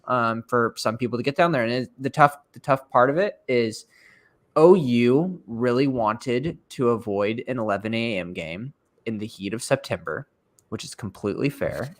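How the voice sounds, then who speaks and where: A young man in his twenties co-hosting a casual sports podcast, talking in an animated, rambling way full of "like" fillers. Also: medium pitch. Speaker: podcast co-host. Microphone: streamed podcast mic.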